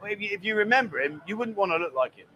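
A man's voice: sits high, expressive, very fast, sharp tone, a little hiss or hum. Chatty man hosting a live stream. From England. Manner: chatty, reads out viewer greetings and banters. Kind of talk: casual live stream chat.

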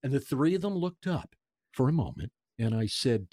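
Sixties man, interview guest, excitable storyteller with stammered repeats, dry close sound. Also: medium pitch, normal speed, no room sound. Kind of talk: casual anecdote telling.

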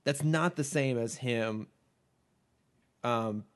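A man's voice: medium pitch, slow pace. A man hosting a podcast in casual chat, thinking aloud and rambling with many restarts. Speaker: podcast host.

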